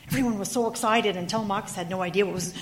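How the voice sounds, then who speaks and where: A woman preacher telling a story in her sermon, in an animated, dramatic manner. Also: mid-range voice, racing, a little hiss or hum. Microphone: handheld or clip mic.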